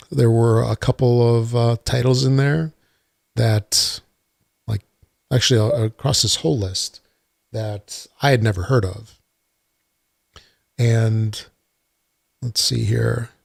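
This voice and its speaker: A man's voice: medium pitch, vocal fry, darkish tone, dry recording. A man hosting a casual solo gaming podcast, rambling with lots of uhs and some dry sarcasm. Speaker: podcast host. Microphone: desktop computer mic.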